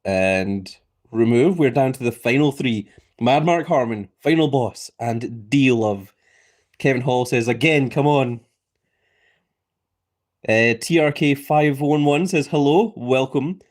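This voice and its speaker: A man's voice: medium pitch, takes it slowly. A man hosting a livestream, calling a giveaway in a playful wrestling-announcer manner and reading chat messages aloud. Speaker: livestream host.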